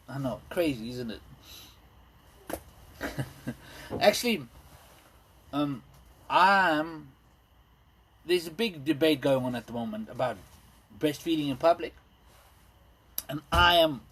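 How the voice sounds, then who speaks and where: A man in his thirties doing a rambling, self-deprecating stand-up set, full of ums and pauses. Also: a little high, fairly bright tone, husky. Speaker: stand-up comedian. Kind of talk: stand-up set streamed live. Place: indoors at home.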